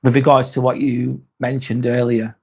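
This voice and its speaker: A man's voice: medium pitch, little pitch movement, normal speed, gravelly, a little mellow, slightly rough. Rambling, swearing male vlog host. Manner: rambling, frank, swears freely, many restarts. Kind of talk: live vlog, answering chat.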